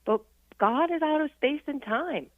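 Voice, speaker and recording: A woman's voice: high voice, expressive, measured pace, no echo. A woman calling in as a radio guest, talking about faith in an earnest, reflective way and laughing easily. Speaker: guest on a Catholic radio show. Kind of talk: casual spiritual chat on air. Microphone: phone call. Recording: tinny dry phone line.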